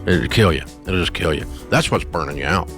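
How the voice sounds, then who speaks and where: A man hosts a call-in advice show on the radio, blunt and scolding yet affectionate, with folksy turns of phrase. His voice sits low and is expressive and fairly quick, heard over music through a studio microphone.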